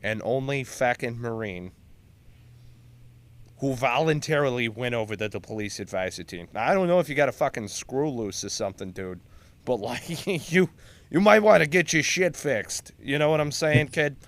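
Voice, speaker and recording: A man's voice: mid-range voice, animated, moderate pace, lightly acted. A man voicing a crude, swaggering male Marine colonel with a Boston accent. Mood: mocking.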